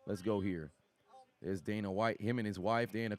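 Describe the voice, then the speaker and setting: A man streaming live and reading out chat messages, talking in an animated, excitable way and swearing freely. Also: lowish voice, moderate pace, no echo, studio quality.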